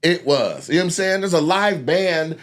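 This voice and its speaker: Young guy from washington, kinda high voice, cussing a lot and doing all the voices in his stories. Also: normal speed. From Washington State, USA. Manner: profane, animated, acts out quoted voices. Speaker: guest storyteller. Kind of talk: casual storytelling chat.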